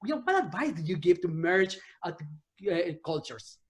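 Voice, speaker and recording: A woman interviewer in casual conversation who is friendly and sometimes pauses to search for words. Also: on the low side, very animated.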